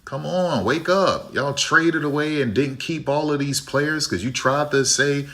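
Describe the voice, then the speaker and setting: A man putting on the voice of an exasperated, fed-up basketball fan in a mocking, higher-pitched imitation. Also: unhurried, sharp tone.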